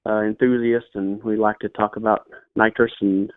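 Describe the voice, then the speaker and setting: A low-voiced man talks in a relaxed, friendly way over a thin, tinny phone line. He fills his sentences with small pauses and fillers. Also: dry recording. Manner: easygoing, friendly, lots of fillers. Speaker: phone-in guest from a nitrous parts company. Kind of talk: casual phone interview.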